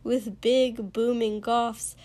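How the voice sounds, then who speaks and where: Narrator: woman reading a story, measured, slow delivery, voice on the higher side. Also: little pitch movement, warm tone. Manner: unhurried, measured. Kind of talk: reading fiction aloud.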